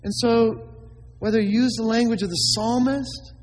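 A man's voice: very high-pitched, fairly even intonation, normal speed, long reverb tail, rough recording. A man preaching a sermon as a pastor, emphatic, with many rhetorical questions to the congregation.

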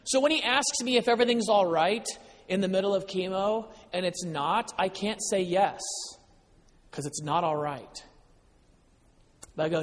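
A man telling his personal faith story to an audience with earnest storytelling, moving between excitement and quiet emotion. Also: high-pitched, moderate pace, pauses often. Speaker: speaker sharing personal testimony. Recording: long reverb of a large hall.

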